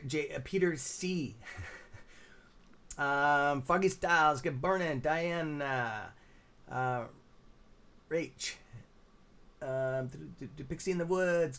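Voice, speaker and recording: A man's voice: fairly high pitch, a bit bright. Tired Canadian man hosting a trading stream. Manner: rambling, many fillers and restarts, reading chat names aloud. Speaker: livestream stock trading host. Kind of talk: casual live-stream commentary.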